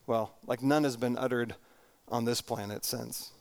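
A man's voice: mid-range voice, steady tone. Earnest middle-aged man preaching a sermon. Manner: earnest and reflective, slowing down for emphasis and repeating words. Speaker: pastor.

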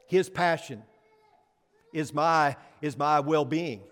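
A man preaching a sermon to a congregation, emphatic, pressing rhetorical questions and swinging between soft and loud. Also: fairly high pitch, a little slow. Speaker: pastor. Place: church sanctuary. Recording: long hall reverb.

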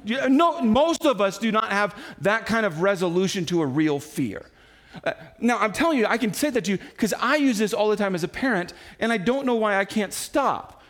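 A pastor in his forties with a high-pitched voice delivers a sermon at a moderate pace. He tells the story animatedly, acting out the quotes himself.

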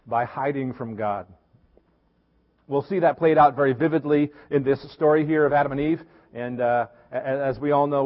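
A middle-aged man from Tennessee, a pastor giving a conversational, storytelling sermon with easy fillers, recorded with dull, echoey church sound. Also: a little high. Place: church sanctuary.

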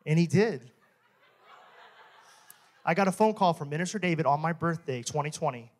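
A young man giving a testimony sermon in a church. He talks with animated energy, jokes and laughs often. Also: sits high, a little slow, long pauses. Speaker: church minister.

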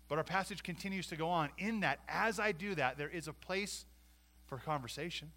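A male pastor delivers a sermon in a bright, forward voice. He preaches emphatically, swinging between loud declarations and quieter asides and throwing rhetorical questions at the congregation. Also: on the high side, a little fast.

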